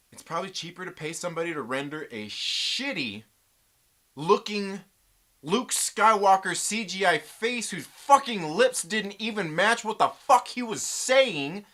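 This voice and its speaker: Animated, sweary pop-culture reviewer. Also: medium pitch. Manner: animated, profane, joking rants; slangy, says dude and bro a lot. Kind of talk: casual ranting review.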